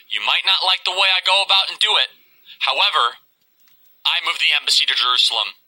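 Guy doing political commentary, punchy and rhetorical, fairly high voice. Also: bright, forceful tone, low-quality recording. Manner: emphatic, rhetorical delivery of rehearsed lines.

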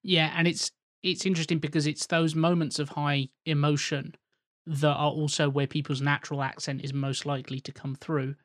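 A man with a slightly raised voice makes his points in a measured, reflective podcast chat. The recording is dry, with no room sound. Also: on the high side, little pitch movement, a bit bright, no room sound. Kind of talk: casual chat.

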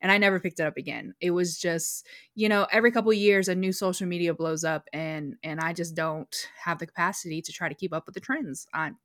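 A woman's voice: on the low side, steady tone, fast, no room sound, clean studio sound. A woman co-hosting a podcast from home, chatting in a rambling way and laughing easily. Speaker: podcast co-host. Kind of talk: casual chat.

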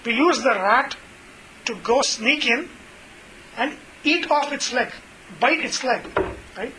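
A man's voice: very high voice, expressive, takes it slowly, noisy background, exaggerated voice. A man voicing a cunning, scheming fox in a spoken fable, in a casual storytelling tone. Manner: storytelling tone, conversational.

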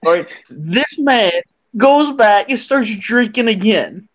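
A young man, the podcast host, telling a drinking story in a casual, animated way and laughing as he acts out what people said. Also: high voice, slow pace. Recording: dull lo-fi sound.

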